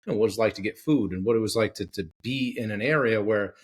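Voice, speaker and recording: A man's voice: on the low side, quick pace, breathy edge. A middle-aged man hosting a podcast, chatting casually, filling gaps with "uh" and checking in with "right?". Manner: conversational, many filler words, checks in with "right?". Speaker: podcast host. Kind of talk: casual interview chat.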